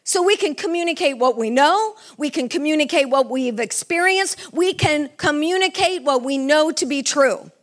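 A woman's voice: high-pitched, lively intonation, normal speed, hardly any pauses. A middle-aged woman preaching a sermon with fervor, asking the congregation questions. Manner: fervent, asks the congregation questions.

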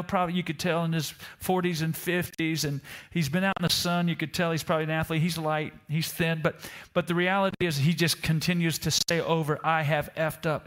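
A male pastor delivers a storytelling sermon and draws the congregation in with rhetorical questions. His voice sits a little high for a man and has a bright, forceful ring. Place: church service in Italy.

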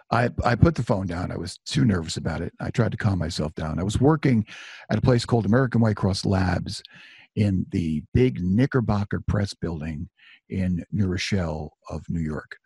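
A man's voice: deep voice, creaky, breathy edge, no echo. A middle-aged man telling a personal story in a conversational, self-deprecating way, full of asides. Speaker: author and storyteller.

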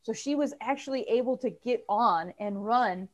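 A woman's voice: a little high, normal speed, muffled recording. A woman co-hosting a podcast in casual chat, telling a story animatedly and acting out the quotes with big jumps in her voice. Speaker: podcast co-host.

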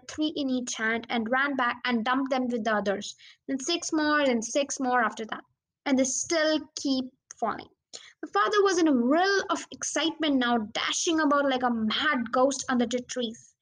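A woman narrating a children's storybook as an audiobook reader, in a steady, plain reading manner. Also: high voice.

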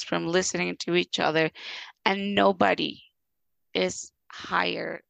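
A woman's voice: lowish voice, vocal fry, a bit bright, dry recording. A woman in her thirties, a podcast guest, telling personal stories earnestly and acting out the people in them. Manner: earnest, acts out voices in her anecdotes. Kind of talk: reflective personal storytelling.

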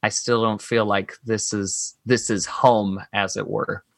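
A man's voice: fairly low pitch, flat delivery, measured pace, creaky, dry recording. A man speaking as a podcast guest, reflective and earnest, thinking aloud through personal experiences in casual conversation.

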